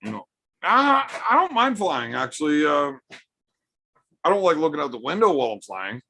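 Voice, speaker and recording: A man's voice: on the high side, sing-song, moderate pace, bright, forceful tone. A man hosting a casual livestream from home, bantering with chat in a joking, profane way. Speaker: livestream host.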